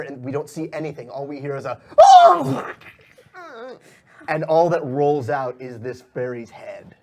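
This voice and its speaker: A man's voice: medium pitch, a little mellow. A man narrating as game master of a tabletop game, telling the scene loosely with lots of fillers. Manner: loose, filler-heavy storytelling.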